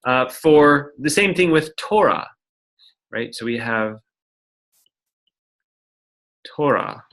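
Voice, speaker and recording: A man's voice: medium pitch, expressive, slow pace, fairly bright tone. A man teaching a lecture-style lesson, explaining step by step and often checking in with "right?". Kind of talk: recorded lecture at a whiteboard.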